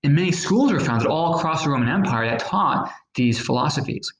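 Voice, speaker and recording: A man's voice: on the high side, expressive, fairly quick. Man teaching a lesson in an echoey room. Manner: plain, patient explaining with fillers and acted-out examples. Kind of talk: recorded history lesson.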